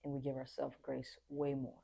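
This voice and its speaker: A woman's voice: a bass voice, completely flat delivery, normal speed, creaky, warm tone, husky. A young adult woman talking earnestly and reflectively in a casual podcast conversation, sometimes acting out what people said. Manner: reflective, earnest, acts out quoted voices.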